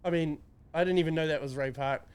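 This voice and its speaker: A man's voice: fairly high pitch, fairly even intonation, fast talker, clean tone. A man with a New Zealand accent, ranting and joking with crude, sweary sarcasm as a podcast co-host. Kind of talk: crude casual banter.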